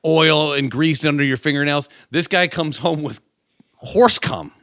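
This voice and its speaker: A man co-hosting a podcast in casual chat, animated and crude, rambling with lots of swearing. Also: a little high, a little slow, clean tone, no echo, studio quality. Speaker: podcast co-host.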